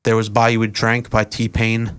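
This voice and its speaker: In a casual podcast interview, a young rapper and event organizer unwinds long stories without hurry, filling them with "uh"s and minor restarts. His voice is slightly low, with a clear, resonant tone, and his manner stays relaxed and rambling.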